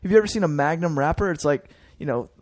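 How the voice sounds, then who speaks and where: A man's voice: on the high side, fast, darkish tone. A man chatting casually on a podcast in a laid-back way with crude humor. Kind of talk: casual chat.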